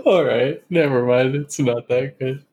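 Giggly young man with slow, easy talk. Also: mid-range voice, darkish tone, slightly rough. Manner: giggly, laughs often between jokes. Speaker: podcast co-host. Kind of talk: casual chat.

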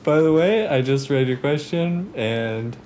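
A man's voice: on the high side, lively intonation, a little slow, a little mellow, slight background noise. A man co-hosting a comedy podcast, rambling and laughing as he trails off mid-thought. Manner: giggly, rambling, often trails off. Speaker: podcast co-host. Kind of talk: casual comedy chat.

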